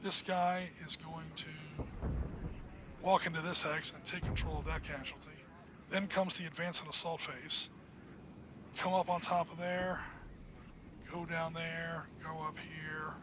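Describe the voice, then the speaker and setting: A man's voice: a little high, a little slow, pauses often. A man hosting a podcast, narrating his own solo tabletop wargame and cheering on his dice rolls as he plays. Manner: excitable, talks to himself while playing. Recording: dull lo-fi sound with clear background noise.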